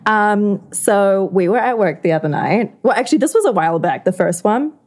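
A young woman co-hosting a podcast, talking in a relaxed, conversational way. She moves through her stories quickly and chattily and gets animated when she tells them. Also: mid-range voice. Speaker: podcast co-host. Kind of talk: casual chat, storytelling.

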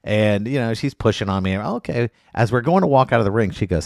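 A man's voice: fairly low pitch, fairly quick, hardly any pauses, dry recording, studio quality. A man who is a lawyer and comedian, guesting on a podcast, telling funny stories and acting out other people's voices. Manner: animated, acts out quoted voices. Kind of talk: comic storytelling in casual chat. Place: studio.

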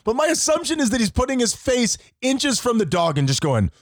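A man's voice: very high-pitched, very animated, brisk, dry recording, studio quality. A hungover man in his thirties, co-hosting a casual comedy podcast, telling exasperated, profane stories. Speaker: podcast co-host.

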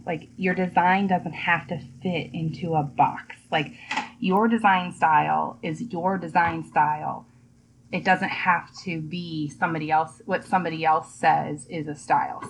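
A woman's voice: fairly low pitch, fairly bright tone, poor audio. A young adult woman chatting casually on a podcast, telling stories and acting out quotes. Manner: chatty storyteller, acts out quotes. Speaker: home decor blogger, podcast guest.

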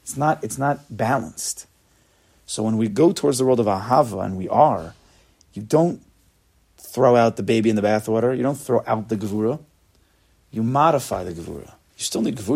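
Male Torah lecturer, gravelly and husky, emphatic and repetitive, lots of Hebrew terms. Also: mid-range voice, a little mellow. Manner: emphatic, repeats words, sprinkles in Hebrew terms. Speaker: Torah teacher.

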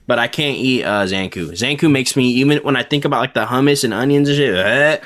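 A man's voice: mid-range voice, fast, a bit bright. A young man co-hosting a casual podcast chat, laid-back and swearing a lot, often trailing off mid-sentence. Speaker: co-host.

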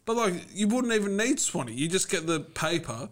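A man's voice: high voice, very animated, a little fast. A young Australian man co-hosting a podcast, joking and teasing in loose, filler-heavy casual chat. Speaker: podcast co-host.

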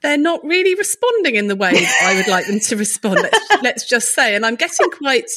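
A woman's voice: fairly high pitch, very animated, brisk, sharp tone. A middle-aged woman, co-hosting a podcast in casual, reflective conversation and laughing often. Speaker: podcast co-host.

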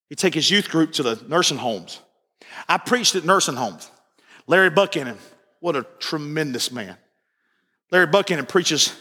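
A man's voice: a little high, sharp tone, breathy edge, long reverb tail. A man preaching an evening sermon and telling stories, who repeats his phrases and works up into impassioned preaching. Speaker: pastor.

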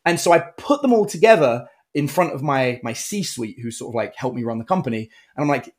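A man's voice: medium pitch, a little fast, hardly any pauses. A middle-aged man, a guest entrepreneur, telling stories in a casual interview and acting out the people he quotes. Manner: animated storyteller, acts out quotes.

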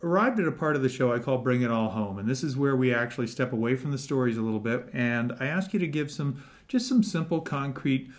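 Brief: male podcast host, mid-pitched voice, casual and animated, laughs between thoughts. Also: quick pace, few pauses. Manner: animated, laughs often, puts on voices in quotes. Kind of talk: casual interview chat.

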